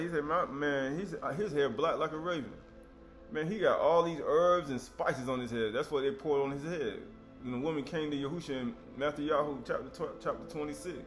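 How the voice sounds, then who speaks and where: A man preaching an informal sermon, reading scripture and breaking into conversational asides and rhetorical questions. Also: on the high side.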